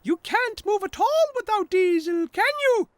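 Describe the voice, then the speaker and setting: A squeaky little kind tractor. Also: male voice, animated, measured pace, no echo, clean studio sound. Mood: friendly. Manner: polite, kind. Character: small friendly helpful male tractor.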